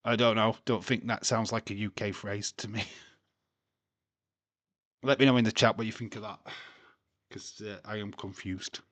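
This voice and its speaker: Man, slow unhurried talk, crude jokey banter, dry close sound. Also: fairly low pitch, fairly even intonation, a bit bright, dry recording. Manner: crude, jokey, laughs often. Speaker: watchalong streamer. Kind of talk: casual live-stream chat and commentary.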